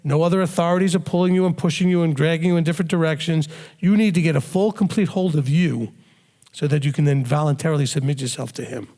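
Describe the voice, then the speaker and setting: A man teaching a sermon-style question and answer session, calm and explanatory, sometimes acting out what a parent would say. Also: on the high side, quick pace, in a large hall. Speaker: rabbi teaching a Q&A.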